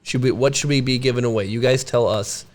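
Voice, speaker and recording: A man's voice: medium pitch, fairly quick, a little hiss or hum. A man co-hosting a podcast in casual chat, with teasing, playful banter. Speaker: podcast co-host.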